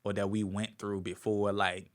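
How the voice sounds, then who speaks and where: A comedian from Virginia telling an animated story as a podcast guest, acting out quotes as he goes. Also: lowish voice, normal speed. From Virginia, USA. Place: podcast studio.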